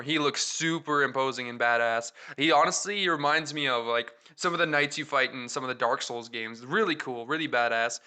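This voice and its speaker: A young man hosting his own video, giving a casual, enthusiastic breakdown of a trailer full of ums and excited asides. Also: mid-range voice, smooth. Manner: chatty, filler-heavy, enthusiastic. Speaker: video host.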